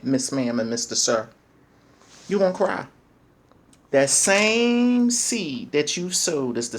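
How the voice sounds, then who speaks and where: A middle-aged woman speaking in an emphatic, preachy monologue, repeating lines for effect and calling listeners "baby". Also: extremely low pitch. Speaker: speaker sharing parenting views. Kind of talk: passionate monologue.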